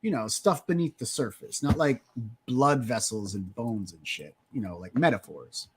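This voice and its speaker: Male livestream co-host, casual and profane, loud bursts and mumbled trail-offs, average pitch. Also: moderate pace, husky. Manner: animated, swearing, drifts between loud and mumbled.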